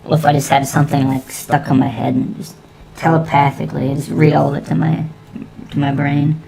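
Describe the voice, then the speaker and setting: A man talking through a pitch-shifting voice effect, rambling and goofing around. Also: little pitch movement, brisk, vocal fry, a loud crowd, poor audio. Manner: goofy, rambling.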